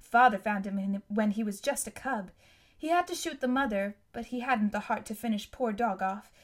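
A woman's voice: medium pitch, normal speed, close to an everyday voice. A woman reading aloud, voicing a friendly, cheerful teenage girl with a breezy manner. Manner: bright, breezy, laughing.

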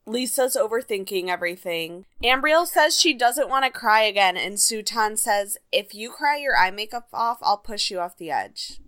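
A young woman co-hosting a podcast, briskly summarizing episode events in casual chat. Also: medium pitch, animated, a bit bright. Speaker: podcast co-host.

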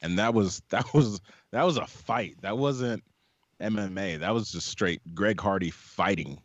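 A man's voice: fairly low pitch, measured pace, no echo, highs cut off. A man co-hosting a podcast in casual sports chat, opinionated and arguing his points at length. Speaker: podcast co-host.

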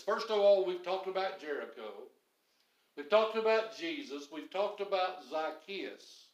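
A man preaching a sermon in an animated way, acting out the grumbling crowd now and then. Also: high voice, reverberant, low-quality recording. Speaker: pastor.

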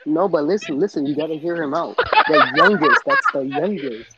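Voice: medium pitch, huge pitch swings, normal speed, muffled recording, heavy background noise. A podcast co-host who edits the show, laid-back in casual banter.

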